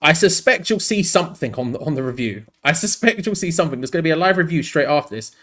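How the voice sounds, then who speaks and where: A man's voice: on the high side, lively intonation, fast talker, fairly bright tone. A tired man hosting a live fan watch-along, switching between match commentary and rambling, frank asides.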